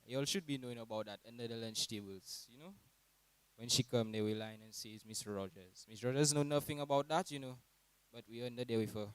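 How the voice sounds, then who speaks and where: Saint Lucian young man, late teens, lively graduation speaker, smooth clear tone. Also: fast, dry recording, poor audio. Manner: animated, mimics teachers in high voices. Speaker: graduating student giving a speech. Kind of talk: humorous graduation speech.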